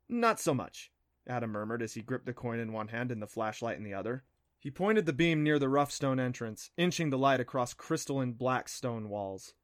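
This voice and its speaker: A man narrating an adventure story in a steady, even voice. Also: mid-range voice. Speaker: audiobook narrator. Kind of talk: scripted narration.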